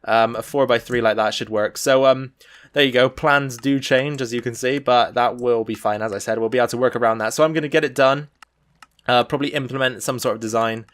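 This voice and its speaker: A man hosting a let's play, casually narrating his building plans and thinking aloud with frequent pauses and fillers. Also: medium pitch, fairly even intonation, fairly bright tone. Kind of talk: casual gameplay commentary.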